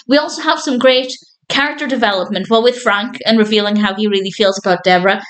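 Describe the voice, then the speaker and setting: A woman's voice: mid-range voice, a bit bright, poor audio. Woman, TV reviewer, casual and earnest, laughs easily, mid-range voice. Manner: earnest, chatty, laughs often, repeats words. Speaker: TV episode reviewer.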